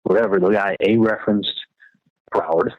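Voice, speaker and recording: A man's voice: fairly low pitch, moderate pace, no room sound. A man on a wiretapped phone call, rambling through a retold conversation, quoting the other side and swearing freely. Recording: muffled wiretap phone recording.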